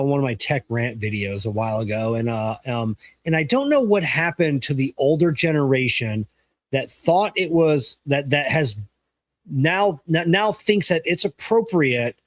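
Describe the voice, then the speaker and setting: A man's voice: a little high, expressive, moderate pace, no room sound. A man co-hosting a podcast, telling a workplace story as an auto technician in a rambling, casually profane way. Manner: rambling, restarts, casual swearing. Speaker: podcast co-host.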